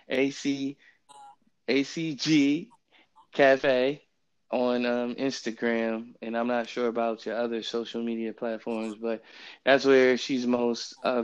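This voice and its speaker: Guy hosting a bible study podcast, kinda flat delivery, lots of ums, sounds dull and lo-fi off his phone. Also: medium pitch, clear, resonant tone. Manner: relaxed, rambling with many fillers and laughs. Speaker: podcast host. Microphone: phone app, remote recording.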